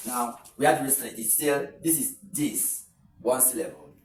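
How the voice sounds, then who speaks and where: A man with a Nigerian English accent teaching pronunciation in an online lesson. He explains slowly and repeats words, drawing them out. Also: mid-range voice, animated. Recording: echoey room, voice a bit far from the mic.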